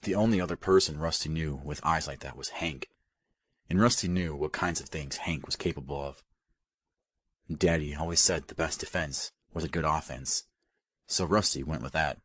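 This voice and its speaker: A man narrating an audiobook in a steady, even storytelling manner. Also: rumbling low, normal speed, no room sound, studio quality. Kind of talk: scripted narration.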